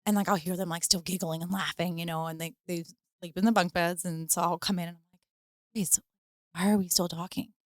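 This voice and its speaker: A woman's voice: fairly low pitch, fairly even intonation, brisk, dry recording, clean studio sound. A woman co-hosting a casual podcast chat about parenting, rambling with many fillers. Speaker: podcast co-host.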